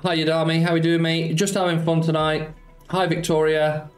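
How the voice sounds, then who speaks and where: A man's voice: on the high side, little pitch movement, normal speed, soft background music. A man streaming casino slots, chatting casually and greeting viewers by name as he banters about football. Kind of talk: casual live-stream chat.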